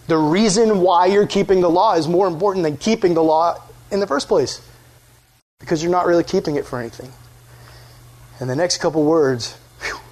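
Man, youth pastor, casual sermon, animated, quizzes listeners, slightly high voice. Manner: animated, conversational, quizzes the audience.

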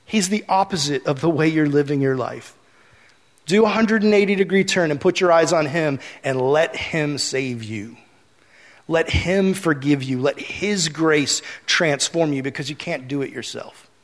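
A man preaching in an easy, conversational way, his voice sitting a little higher than most men's. He leans into quiet, earnest moments. A long reverb trails behind his words, as if in a large hall. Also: unhurried. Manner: conversational preaching, drops to soft earnest tones. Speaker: pastor. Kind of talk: sermon.

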